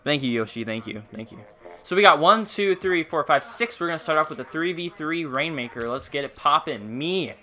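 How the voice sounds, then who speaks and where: A young man hosts a live game stream, his slightly high voice bright and lively. He keeps up a playful, upbeat chatter, calling out viewers by name as he plays. The talk is loose and casual throughout. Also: brisk. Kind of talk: casual live-stream chat while gaming.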